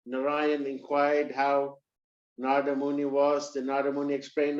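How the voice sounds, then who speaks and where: A man preaching who tells a story in a lively way and acts out its characters. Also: medium pitch, moderate pace. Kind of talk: storytelling in a sermon. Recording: roomy, slightly dull recording.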